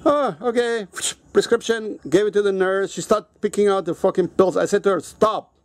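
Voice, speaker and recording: A man with a fairly high voice tells a personal story as a casual vlog rant. He is blunt and heated, swearing constantly. His delivery is loose and conversational, full of restarts. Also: steady tone, fast, a little mellow, no echo. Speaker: vlogger.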